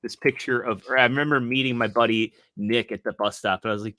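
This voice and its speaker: Host: man, bright forward voice, dry close mic, rambly and laughing. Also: medium pitch, fairly even intonation, moderate pace, pauses often, dry recording. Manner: rambling, laughs often, restarts. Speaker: podcast host. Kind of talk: casual chat.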